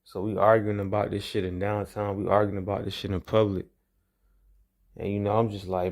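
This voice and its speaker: A young man with a fairly low voice tells a personal story straight to the camera. He rambles and curses freely, circling back over the same phrases as he talks. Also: flat delivery, brisk, a little mellow. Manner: rambling, profane, repeats phrases. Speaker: vlogger. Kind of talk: casual storytelling monologue.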